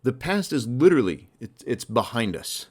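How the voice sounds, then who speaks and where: A man hosting a motivational sales podcast, talking in an emphatic, energetic, conversational way. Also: medium pitch, moderate pace. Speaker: sales coach and podcast host.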